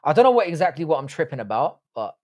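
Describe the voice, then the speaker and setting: A man's voice: fairly high pitch, very animated, fast, darkish tone. A young man who grew up in the UK, hosting a live stream and reading out viewer comments in blunt, sweary casual chat. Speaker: livestream host.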